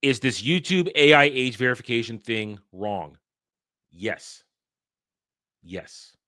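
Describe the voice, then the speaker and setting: A man's voice: mid-range voice, expressive, slow pace, bright, forceful tone, no room sound, clean studio sound. A man hosting a daily entertainment news show, reading headlines and giving blunt, profane, irritated takes. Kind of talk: casual ranting commentary on headlines.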